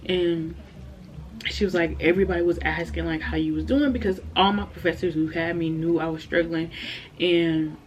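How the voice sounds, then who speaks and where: Young woman, vlogger, low-ish voice, candid, heartfelt, chatty, casual storytime. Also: normal speed, highs cut off, a little hiss or hum.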